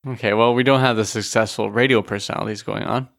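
Low-voiced easygoing Canadian man. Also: fairly even intonation, gravelly, a bit bright. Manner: easygoing, quick to laugh. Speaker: podcast co-host. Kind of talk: casual chat.

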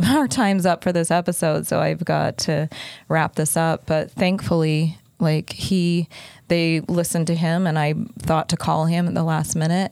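A woman's voice: sits low, vocal fry, a little mellow, no room sound, studio quality. A middle-aged woman hosting a podcast, candidly telling a personal story in a conversational way with many fillers. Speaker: podcast host.

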